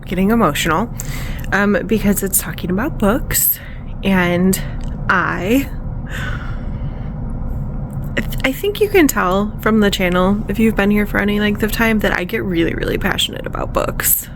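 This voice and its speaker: A woman who teaches, talking casually to her camera at home in a chatty, excitable way, trailing off and restarting her sentences and sometimes dropping to a whisper. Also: mid-range voice, normal speed, long pauses, background noise. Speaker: teacher and vlog host. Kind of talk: casual diary vlog. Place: home room.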